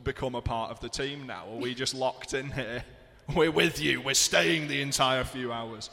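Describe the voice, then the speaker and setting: A man's voice: mid-range voice, moderate pace, gravelly, pushed and bright, in a large hall. A man hosting a casual radio chat, keeping time and joking with guests. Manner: jokey, keeps time, laughs easily. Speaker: radio presenter. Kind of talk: casual banter.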